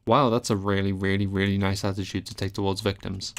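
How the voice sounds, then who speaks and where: A man's voice: on the low side, little pitch movement, fast talker, slight background noise. A man commentating as he plays a game, reading its text aloud with dry asides and swearing and yelping when startled. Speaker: let's play gamer. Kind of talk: casual gameplay commentary.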